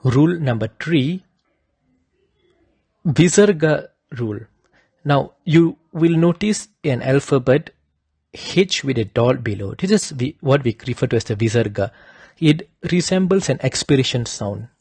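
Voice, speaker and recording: A man slowly giving a lesson, carefully demonstrating correct pronunciation. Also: mid-range voice, expressive, darkish tone, slightly rough, no room sound. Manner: slow and deliberate, demonstrating pronunciations. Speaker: teacher of Vedic chanting. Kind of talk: instructional talk.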